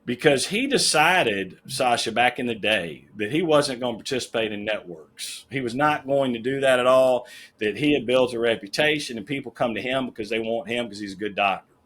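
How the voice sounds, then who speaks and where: A man's voice: mid-range voice, brisk, fairly bright tone, a little hiss or hum. A middle-aged man as a podcast guest, telling stories in a plain-spoken, emphatic and folksy way. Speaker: podcast guest, managing partner of a health-plan firm. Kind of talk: casual interview storytelling.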